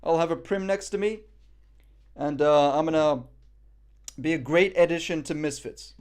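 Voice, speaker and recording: A man's voice: a little high, normal speed, darkish tone. A young man from Morocco chatting casually on a live stream, reading the chat and making self-mocking jokes. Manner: joking, self-mocking banter.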